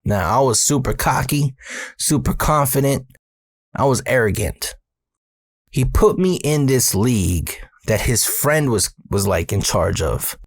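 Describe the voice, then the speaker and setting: A man's voice: medium pitch, unhurried, dry recording. Profane casual storyteller man, dry sound. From Arizona, USA. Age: 30s. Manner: profane, streetwise slang, animated when excited. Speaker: storyteller host.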